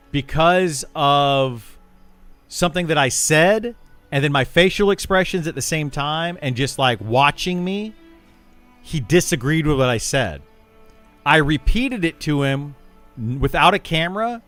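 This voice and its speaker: A man's voice: fairly high pitch, a bit bright. A man streaming live, chatting casually and rambling, often repeating words and restarting sentences as he explains himself to his chat. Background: faint music.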